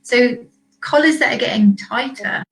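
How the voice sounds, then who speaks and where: A woman vet hosting a casual discussion, animated and acting out owners and herself in quick quoted asides. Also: on the high side, vocal fry, low-quality recording. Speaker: vet and podcast host.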